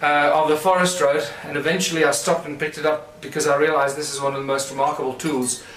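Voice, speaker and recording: A man's voice: a little high, little pitch movement, quick pace, fairly bright tone, a little hiss or hum. A man giving a conference lecture, explaining things and pointing them out to his audience as he demonstrates. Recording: echoey room.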